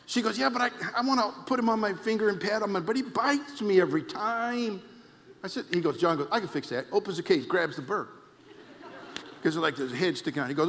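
A male pastor, preaching a sermon with shouted emphasis and telling comic anecdotes. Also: high voice, animated, a little fast, long pauses, slight background noise. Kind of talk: sermon with storytelling. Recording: long hall reverb.

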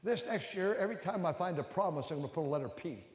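An older man preaching a sermon as a pastor. He climbs to loud, emphatic peaks and then drops low and close. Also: expressive, quick pace. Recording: echoey hall with long reverb.

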